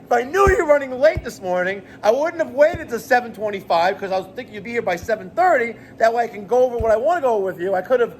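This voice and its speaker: A man's voice: very high voice, fast, few pauses, a little hiss or hum. Profane New man ranting. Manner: animated, profane, exasperated ranting. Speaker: plumbing business owner. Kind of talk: rant vlog to camera.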